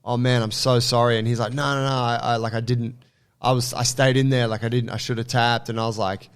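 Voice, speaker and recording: A man's voice: mid-range voice, steady tone, quick pace, clean tone. A man co-hosting a casual podcast, talking loosely, with lots of fillers and restarts. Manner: loose and rambling, full of "like" and restarts. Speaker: podcast co-host.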